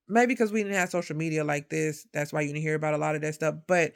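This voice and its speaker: A woman telling a personal story in a casual storytime monologue, acting out the quoted voices and growing loud and sharp when indignant. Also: deep voice, fairly even intonation, quick pace, vocal fry, few pauses, clear, resonant tone.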